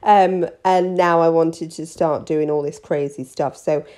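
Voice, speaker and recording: A woman's voice: deep voice, fairly even intonation, unhurried, warm tone. A woman, a nail artist, rambling cheekily through a casual tutorial vlog.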